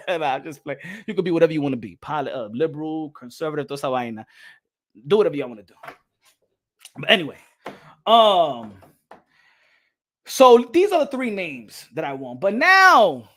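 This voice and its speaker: A man's voice: fairly high pitch, very animated, normal speed, pauses often, fairly bright tone. A man hosting a boxing channel, talking in a casual, rambling way, laughing often and dropping slang and Spanish phrases.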